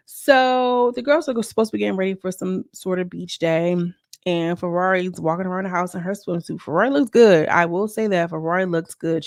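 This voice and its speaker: With a mid-range voice and some vocal fry, a show reviewer recaps a reality show in a slangy, gossipy, chatty vlog. She talks straight to viewers, calling them "girl." The studio-quality sound has no room echo.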